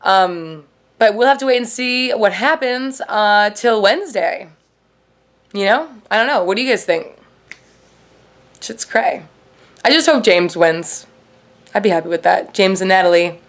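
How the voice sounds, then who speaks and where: A woman's voice: medium pitch, lively intonation, a little slow, pauses often. A woman hosting a casual TV recap vlog, rambling and swearing freely, with "like" in nearly every sentence. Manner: rambling, profane, heavy on "like". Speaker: show host.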